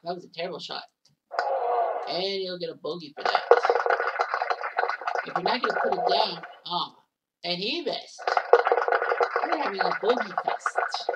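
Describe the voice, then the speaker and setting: A woman casually calling the shots in a golf video game, chatty and quick to blurt out exclamations. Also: on the low side. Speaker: game commentator. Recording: distant mic with loud background noise.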